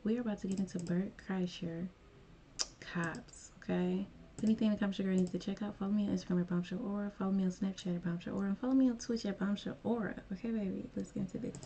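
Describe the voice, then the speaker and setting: A woman's voice: mid-range voice, steady tone, fast talker, warm tone. A woman hosting a reaction video, talking to her viewers in a chatty, upbeat way. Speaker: reaction channel host. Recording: dull lo-fi home recording with faint noise.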